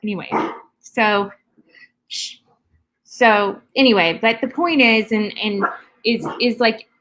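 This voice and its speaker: A woman's voice: medium pitch, slow pace, fairly bright tone. A woman co-hosting a podcast, talking bluntly and heatedly in casual chat, swearing freely. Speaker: podcast co-host.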